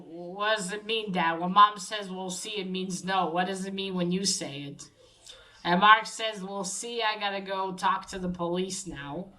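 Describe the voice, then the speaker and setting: Slow, bright-voiced woman recapping a story. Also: medium pitch, poor audio. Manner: halting, many fillers and restarts. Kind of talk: casual spoken recap.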